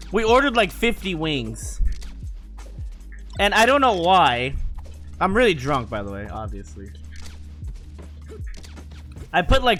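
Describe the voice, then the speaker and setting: A young man telling casual stories, animated and profane, often laughing as he talks. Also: fairly high pitch. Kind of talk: casual storytelling.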